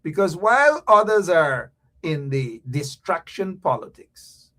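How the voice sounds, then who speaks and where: A man's voice: fairly high pitch, big pitch swings, measured pace, pushed and bright. A man with a Guyanese accent hosting a political livestream, ranting fiercely in creole-tinged talk and repeating words for emphasis. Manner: fiery, ranting, repetitive, mixing creole slang and laughs. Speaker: political talk show host.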